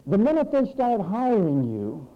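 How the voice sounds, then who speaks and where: A man preaching a sermon in a church, animated and mocking as he mimics frantic people. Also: high-pitched, moderate pace, narrow, tinny audio.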